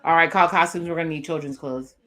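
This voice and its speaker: Lower-voiced woman chatting casually. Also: fast talker. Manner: chatty, expressive, reads character lines aloud. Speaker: reaction video host. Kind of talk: casual commentary recapping a TV episode.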